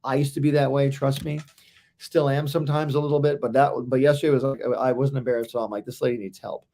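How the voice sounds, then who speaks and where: Gravelly man telling a faith story. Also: medium pitch, little pitch movement, fast, dark tone. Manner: rambling anecdotal telling with fillers. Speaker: co-host of a Christian talk stream. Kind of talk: casual faith talk and storytelling.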